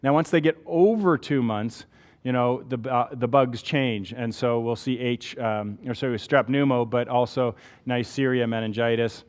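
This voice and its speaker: A man's voice: medium pitch, normal speed, a little mellow, big-room sound. A man with a Canadian accent giving a conversational medical lecture, explaining step by step and checking in with rhetorical questions.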